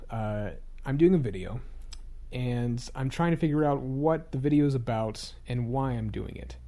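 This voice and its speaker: In a mellow voice of medium pitch, a young man vlogs casually and reflectively to his own YouTube channel. The talk is rambling and halting, full of restarted sentences, with a frank, self-critical manner.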